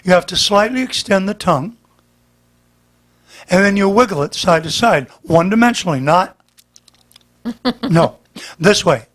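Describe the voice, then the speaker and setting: High-voiced male vocal coach. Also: lively intonation, a little slow, pauses often, a bit bright. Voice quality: slightly damaged voice. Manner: patient, explanatory, demonstrates as he talks. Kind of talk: demonstrating voice lesson.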